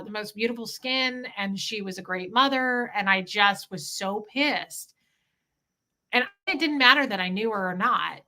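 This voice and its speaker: A woman's voice: medium pitch, sharp tone. A woman in her forties, candidly chatting with viewers on a livestream, talking straight to chat. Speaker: livestream host.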